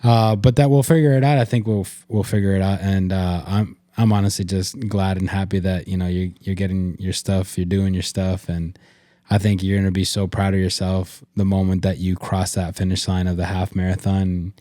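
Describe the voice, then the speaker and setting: Young man, podcast co-host, deep mellow voice, encouraging, repeats words. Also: level tone, moderate pace, no room sound, studio quality. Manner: encouraging, with small stutters and repeats. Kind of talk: casual conversation with partner.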